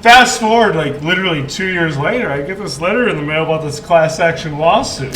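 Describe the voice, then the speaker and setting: A man telling a profane, animated story in casual podcast chat, laughing often. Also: fairly high pitch, a little fast, reverberant, a little hiss or hum, rough recording. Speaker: podcast guest. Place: podcast studio.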